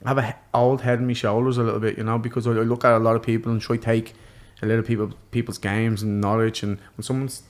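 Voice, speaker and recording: A young Irish man talks at a quick clip in a casual podcast chat. His stories run on with loose fillers and plenty of swearing. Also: medium pitch, flat delivery. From Ireland. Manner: rapid, swearing storyteller full of fillers. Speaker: guest, professional boxer.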